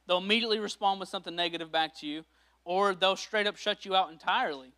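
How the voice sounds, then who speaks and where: This pastor's voice is smooth and sits high, and he preaches at a quick pace. His sermon tells the story animatedly, with the voices of its characters acted out.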